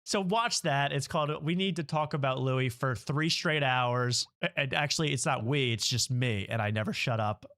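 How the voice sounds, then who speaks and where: A man's voice: medium pitch, normal speed, few pauses, a bit bright. A man hosting a comedy talk show, chatting casually, mocking and laughing often. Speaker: host.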